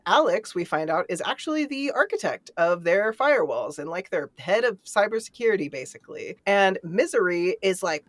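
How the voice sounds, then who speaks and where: A woman's voice: medium pitch, moderate pace, few pauses, no echo. A young woman co-hosting a casual book club chat, recapping a novel and acting out the characters' lines with frequent laughter. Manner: animated, laughs often, acts out characters' lines. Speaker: book club podcast co-host.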